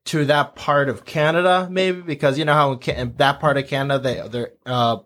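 Man from the boston area, podcast host, lively storyteller, casual chat. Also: on the high side, a little fast. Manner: animated storyteller, acts out quotes.

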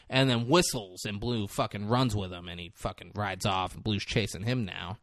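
A man's voice: lowish voice, normal speed, few pauses, no room sound, clean studio sound. A young man casually recapping a movie on a podcast, swearing, laughing often and acting out lines from scenes. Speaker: podcast co-host.

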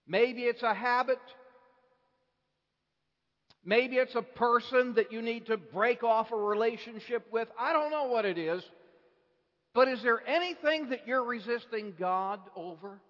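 Slow preacher with high voice in reverberant hall. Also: male voice. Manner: builds from hushed to impassioned, slow deliberate phrasing. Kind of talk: sermon. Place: church hall. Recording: dull lo-fi recording with long hall reverb.

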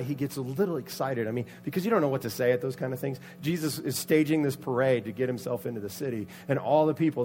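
A man preaching a sermon, telling a Bible story with lively acted-out voices and sudden loud outbursts. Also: mid-range voice, slight background noise. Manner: animated, acts out the characters' voices with loud outbursts. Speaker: pastor.

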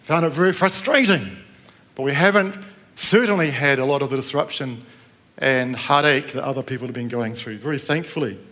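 A man's voice: a little high, a bit bright. Conversational middle-aged man preaching. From New Zealand. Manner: conversational, asks the room questions. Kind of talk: sermon with personal story. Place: church with live congregation.

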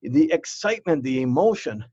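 A man's voice: fairly high pitch, sing-song, normal speed, mellow, slightly rough, no echo. A man in an interview, recounting his outreach work earnestly, often repeating words and acting out the voices he quotes. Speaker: interview guest, former youth outreach worker. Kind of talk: candid interview storytelling. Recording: slightly dull, dry sound.

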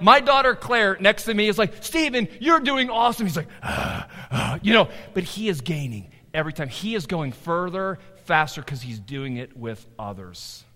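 High, bright-voiced preacher in a hall. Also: male voice. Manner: animated, swings from loud emphasis to low asides. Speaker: pastor. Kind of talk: sermon.

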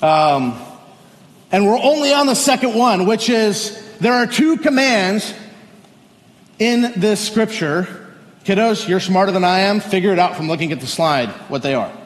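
A pastor whose voice sits high gives a sermon with lively intonation, moving between easy chat with the congregation and slow, solemn scripture reading. He's in a church sanctuary, and the echoey hall adds long reverb.

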